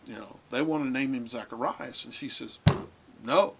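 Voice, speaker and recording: A man teaching a recorded lesson on Bible translation, talking in a halting way with many filler pauses. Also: medium pitch, creaky, heavy background noise.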